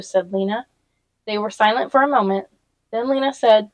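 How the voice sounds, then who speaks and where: A woman reading a novel aloud in a steady storytelling manner, with small slips and brief asides. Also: medium pitch, normal speed, poor audio. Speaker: reader.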